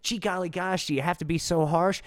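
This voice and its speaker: A man's voice: high-pitched, steady tone, brisk, no echo, clean studio sound, lightly acted. A man voicing a wholesome, naive male puppet with prim, wide-eyed exclamations.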